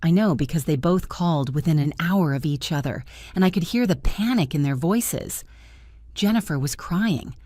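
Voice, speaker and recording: An older woman narrating her own story in the first person, calm and firm. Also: deep voice, normal speed, no echo.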